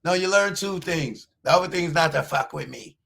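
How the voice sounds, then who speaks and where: A man hosting a livestream, taunting a viewer in chat with drawn-out mocking questions and laughter. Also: on the high side, vocal fry, bright, forceful tone. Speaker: livestream host.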